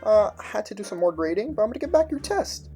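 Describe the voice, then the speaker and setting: A young man voicing a hesitant, apologetic woman English teacher in an animated story. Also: mid-range voice, fast talker, soft background music, voice pushed up. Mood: flustered. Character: flustered middle-aged woman English teacher.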